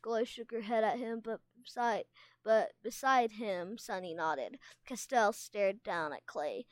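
A woman's voice: medium pitch, measured pace, dry recording. Woman reading a novel aloud. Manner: steady reading with small stumbles. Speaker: reader.

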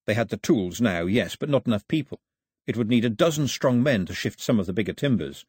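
A man narrating an audiobook as a lively storyteller, in a husky voice, recorded on a close studio mic. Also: fairly low pitch, fairly quick, no echo. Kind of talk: scripted narration.

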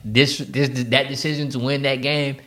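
A man co-hosting a sports podcast, talking casually with profane, animated trash talk. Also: medium pitch, normal speed. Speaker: podcast co-host.

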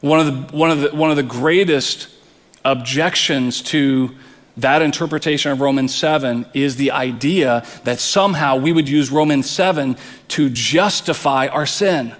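A man's voice: mid-range voice, normal speed, in a large hall. A man preaching a sermon as pastor, earnest, often repeating words as he presses a point.

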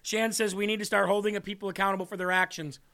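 A man hosts his own livestream, delivering fiery political commentary. His voice sits high and sounds bright and sharp. He leans into each point in a combative, ranting way. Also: level tone, quick pace. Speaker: livestream show host.

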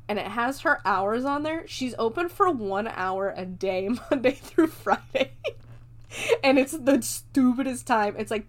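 A woman recapping a movie in a loose, joking way, with frequent laughs and swearing. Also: on the high side. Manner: loose and profane, laughs often, jokes along. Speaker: movie reviewer.

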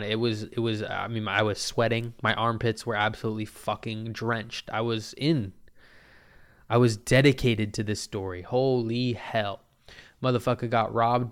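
A man's voice: lowish voice, smooth. Profane, rambling man podcasting solo. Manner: profane, rambling, animated storyteller. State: phlegmy throat. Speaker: podcast host. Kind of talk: casual solo podcast storytelling. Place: Portland. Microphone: podcast mic.

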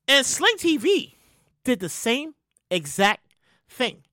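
A woman hosting her own show, ranting in a loud, profane, animated way with sudden shouted bursts. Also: sits high, slow, dry recording, studio quality. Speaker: show host. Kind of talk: solo comedic rant.

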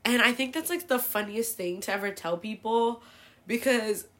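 A woman's voice: on the high side, normal speed. A woman in her twenties from California, telling personal stories in a casual, profane, oversharing way as a podcast host. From El Sobrante, California. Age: 20s. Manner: chatty, profane, oversharing, filler-heavy. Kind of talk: casual confessional storytelling.

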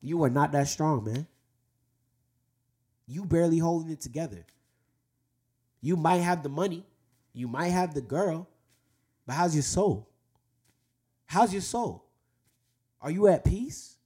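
A young man hosting a faith talk for men, preaching earnestly and slowing down to drive points home. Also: a little high, animated, darkish tone, slightly rough. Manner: earnest, exhorting, slows down for emphasis. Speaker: host speaking to men about faith.

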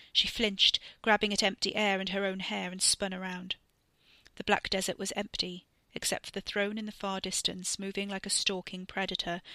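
A woman narrating a scripted story in a measured way. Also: medium pitch, pushed and bright, dry recording. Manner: measured, reading with acted dialogue.

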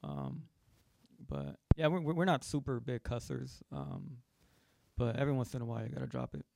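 A man in his thirties co-hosting a podcast, speaking in easygoing casual chat with many halting restarts. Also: medium pitch, expressive, vocal fry, dark tone, dry recording. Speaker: podcast co-host.

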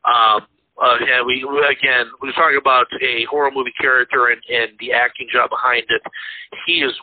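A man's voice: medium pitch, little pitch movement, a little fast. A man co-hosting a casual podcast chat about movies, rambling with lots of fillers and restarts. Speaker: podcast co-host. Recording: tinny phone-like line.

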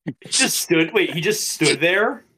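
A fairly high-pitched man in his twenties co-hosts a podcast, telling school stories at an unhurried pace. The chat is casual and animated, with free swearing and impressions of the people involved.

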